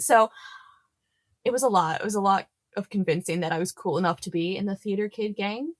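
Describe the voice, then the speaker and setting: A woman's voice: mid-range voice, a little fast, no echo, clean studio sound. A woman guest on a podcast chatting casually, jokey and dramatic. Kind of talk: casual chat.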